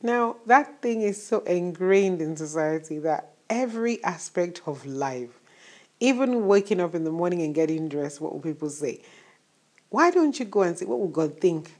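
A woman's voice: fairly low pitch, lively intonation, normal speed, darkish tone. A woman preaching a morning sermon in a conversational way, full of rhetorical questions. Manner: conversational, asks rhetorical questions, laughs at times.

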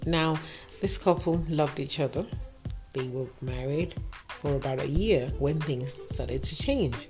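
A woman's voice: low-pitched, a little slow. A woman telling moral stories in a talk, emphatic and asking rhetorical questions. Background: background music.

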